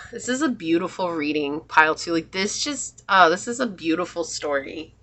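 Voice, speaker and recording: An earnest woman talks through a tarot reading with a slightly low voice. She sounds emotional and spiritual as she speaks to the viewer. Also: animated, a little slow, sharp tone. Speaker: tarot reader.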